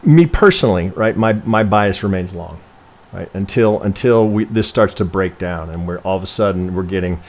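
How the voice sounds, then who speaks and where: A man's voice: deep voice, normal speed, darkish tone. Rambling, swearing man thinking aloud. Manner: rambling, profane, constantly self-correcting, asks "right?"; thinks aloud while working through charts. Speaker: trading educator reviewing member charts. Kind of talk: casual live-stream chart analysis.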